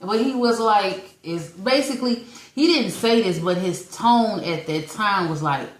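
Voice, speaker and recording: This forty-something podcast co-host has a medium-pitched voice and talks unhurriedly with few pauses. Telling a long personal story in casual chat, she animatedly acts out what others said and laughs often. Her room is echoey.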